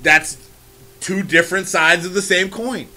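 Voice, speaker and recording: A young man from the Bay Area co-hosts a casual podcast chat. His voice sits high and bright, and he talks loudly, joking and acting out the people in his stories with plenty of cursing. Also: a little slow. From San Francisco Bay Area. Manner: loud, joking, acts out people in bits. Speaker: podcast co-host.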